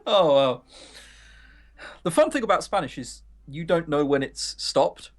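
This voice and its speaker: A man's voice: a little high, big pitch swings, a little slow, soft background music. A man streaming a visual novel, chatting casually with a co-player and laughing through teasing banter. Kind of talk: casual live-stream chat.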